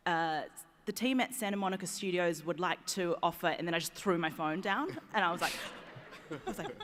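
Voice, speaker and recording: A woman on a game panel tells her story in an animated way, breaking into laughing asides. Her voice sits a little low. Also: normal speed, long reverb tail, noisy background. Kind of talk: panel anecdote.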